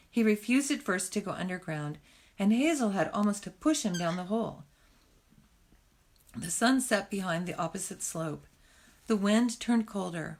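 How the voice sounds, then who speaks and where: A woman reading a novel aloud in a gentle, plain storytelling manner. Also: medium pitch. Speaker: reader.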